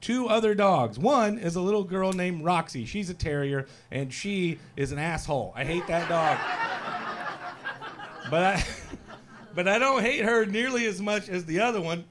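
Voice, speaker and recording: A male comedian doing a stand-up set, loud and exuberant and working the crowd, recorded live on a club stage mic. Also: high voice, measured pace.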